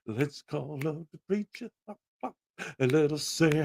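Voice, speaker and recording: A man hosting a casual livestream chat, talking in a loud, playful, jokey way and often shouting. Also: a little high, lively intonation, takes it slowly, vocal fry. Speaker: show host.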